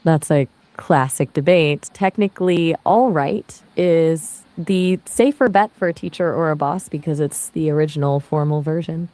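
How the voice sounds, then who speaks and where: A breezy female AI voice fields questions in easy chat, pitched a little low for a woman. She explains things casually and keeps the talk rolling. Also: moderate pace, hardly any pauses, mellow, dry recording. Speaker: AI conversation partner. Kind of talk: conversational Q&A answers.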